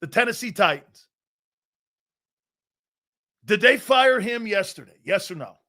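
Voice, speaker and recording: A man hosting a live football talk show, loud and blunt, laughing often and rambling through anecdotes with stop-start phrasing. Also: sits high, lively intonation, unhurried. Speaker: sports talk show host.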